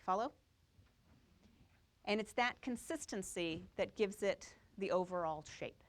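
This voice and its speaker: A woman's voice: medium pitch, unhurried. Woman teaching quilting to a class, step by step, keeps asking if they follow. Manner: explains step by step, checks in with the class. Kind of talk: live classroom demonstration.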